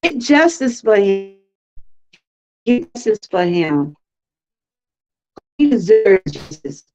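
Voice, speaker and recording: A woman's voice: medium pitch, very animated, takes it slowly, a little mellow. A woman from Georgia, hosting a livestream and talking to viewers in an impassioned, preachy way. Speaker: livestream host. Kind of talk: emotional livestream talk. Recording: dull lo-fi livestream audio.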